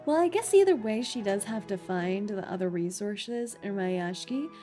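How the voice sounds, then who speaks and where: A woman's voice: medium pitch, lively intonation, normal speed, warm tone, soft background music. A woman streaming a game playthrough. She chats playfully with her viewers, giggles often, and reads the story text aloud.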